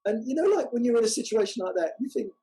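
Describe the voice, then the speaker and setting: A man telling a testimony story as a guest, unhurried and halting with many fillers. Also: extremely high pitch, lively intonation, dark tone, slightly rough, poor audio. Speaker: guest, walking evangelist.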